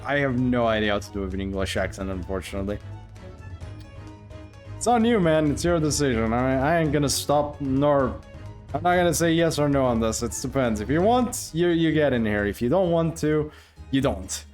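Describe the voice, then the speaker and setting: A man's voice: mid-range voice, expressive, normal speed, a little mellow, soft background music. A man streaming a video game live, chatting casually, joking and laughing as he talks back to his viewers. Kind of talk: casual live gameplay commentary.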